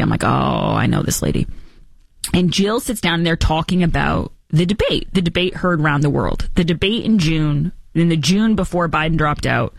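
This radio talk show host has a low, gravelly voice, captured in studio quality with no echo. She mocks politics sarcastically and slips into silly voices for her impressions.

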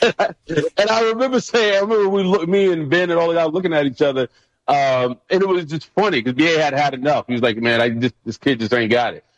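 A man in his thirties, a guest and former pro football player, telling stories in a casual, animated way and acting out his coaches' yelling. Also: a little high, fast, dull audio. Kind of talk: casual storytelling on a radio show.

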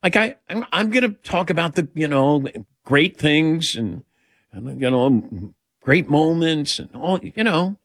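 A middle-aged man hosting a talk radio show, chatting casually with callers in an animated, self-deprecating, rambling way. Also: fairly high pitch, unhurried, gravelly, no room sound, studio quality.

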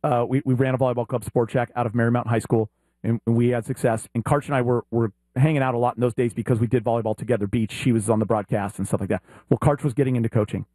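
A man's voice: medium pitch, steady tone, quick pace, dark tone, no echo. A man co-hosting a sports talk show, telling stories with enthusiasm in casual chat. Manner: enthusiastic storyteller.

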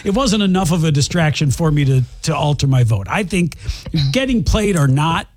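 A man's voice: a little high, expressive, moderate pace, a little mellow. A man co-hosting a radio show, chatting casually, laughing often and repeating himself as he thinks. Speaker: radio co-host.

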